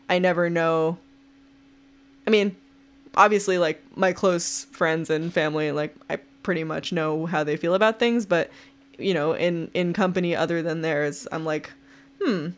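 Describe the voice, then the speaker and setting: A young woman co-hosts a podcast in a loose, chatty way, full of "like" and "um" and quick to laugh. Her talk rambles easily between the book and her own life. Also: on the low side. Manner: chatty, uses many fillers, laughs easily. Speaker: podcast co-host. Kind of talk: casual book-club chat.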